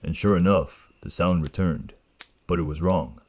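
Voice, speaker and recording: A deep-voiced man, slightly gravelly, tells a first-person horror story at a slow, measured, ominous pace.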